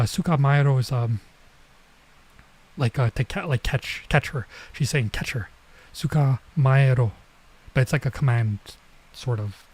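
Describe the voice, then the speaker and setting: A man streaming as he reads a manga aloud, thinking out loud and hesitating while he works out translations. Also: medium pitch, rough recording.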